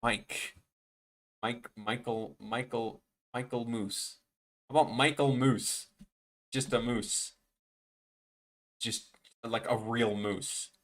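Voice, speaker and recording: A man's voice: medium pitch, steady tone, slow, pauses often. A man chatting casually with viewers on his animation live stream, rambling and joking, often trailing off mid-sentence.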